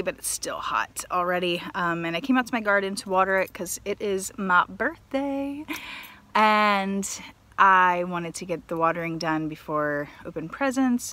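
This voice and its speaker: A woman talking casually to the camera about her garden while out in it, chatty and excitable, with plenty of fillers. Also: on the low side. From United States. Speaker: gardening vlogger. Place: outdoors in a home garden.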